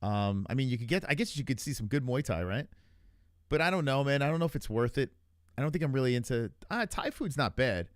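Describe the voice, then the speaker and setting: A man's voice: medium pitch, lively intonation, a little fast, no echo. A man streaming live, talking loosely to his chat in a voice that rises and falls a lot. He rambles and swears as he reacts to clips. The sound is dry and close, with no room around it. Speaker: streamer host.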